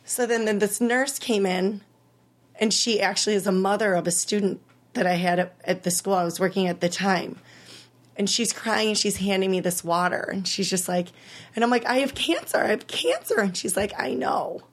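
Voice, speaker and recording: A woman in her thirties, an interview guest telling her story in an animated way, acting out what people said and rising high when she relives the worst moments. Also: moderate pace. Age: 30s. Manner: animated, acts out quoted voices, rises high when reliving distress. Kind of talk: emotional personal storytelling.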